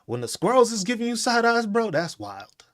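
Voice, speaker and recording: A man's voice: extremely high pitch, sing-song, moderate pace, a bit bright. A man hosting a podcast, mocking and profane, ranting at commenters and laughing between taunts. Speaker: podcast host.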